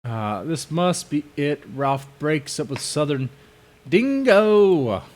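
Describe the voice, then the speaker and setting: A man's voice: medium pitch, measured pace, slight background noise. A man hosting a live stream, chatting casually and wryly while reacting to a clip.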